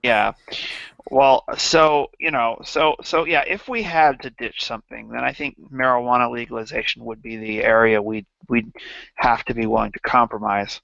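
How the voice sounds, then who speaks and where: A man hosting a livestream in casual satirical chat, halting and rambling with many restarts. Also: medium pitch, steady tone, gravelly, fairly bright tone, no room sound, highs cut off. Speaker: livestream host.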